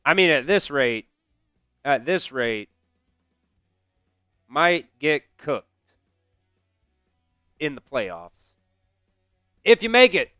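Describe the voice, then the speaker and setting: A man's voice: fairly high pitch, sing-song, very slow, long pauses, pushed and bright, clean tone, no room sound, clean studio sound, soft background music. Frustrated man calling a football stream. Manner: frustrated, talks back to chat, swears. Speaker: host doing live play-by-play. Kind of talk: casual live-stream commentary.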